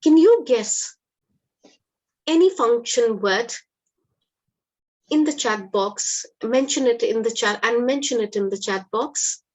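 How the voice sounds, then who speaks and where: This English teacher's voice is on the high side with lively intonation; she speaks slowly with long pauses. The recording is low quality as she patiently encourages students during a live online lesson.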